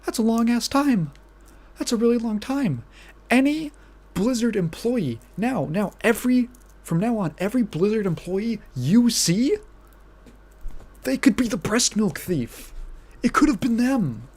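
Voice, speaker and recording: A podcast host delivers an unhurried, casual rant. The voice sits at a middle pitch and keeps circling back to the same phrases, incredulous and swearing freely. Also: lively intonation, a little mellow. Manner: outraged, incredulous and profane, repeating phrases, with bursts of laughter.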